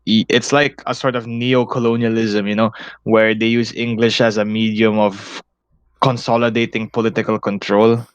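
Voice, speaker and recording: A young Filipino-accented man rambles through a casual podcast chat, swearing freely and breaking into laughs. His voice sits low and sounds smooth and clear. The sound is dry and close, with no room around it. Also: little pitch movement, moderate pace, no room sound. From Philippines. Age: young adult. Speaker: podcast co-host.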